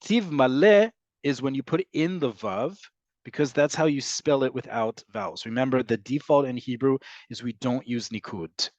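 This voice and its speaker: Speaking at a moderate pace in a mid-range, somewhat dark voice, this man teaches Hebrew online, answering questions and explaining things patiently. Fillers crop up often, along with frequent "right?" checks. It's a dry recording with dull, lo-fi sound.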